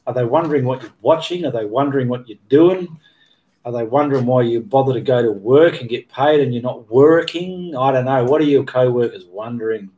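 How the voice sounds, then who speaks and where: A man hosts a casual livestream Q&A for his painting channel, reading viewer comments aloud and answering them in a rambling way, stopping to correct himself mid-sentence. His voice is medium-pitched and dark, and he talks fairly quickly.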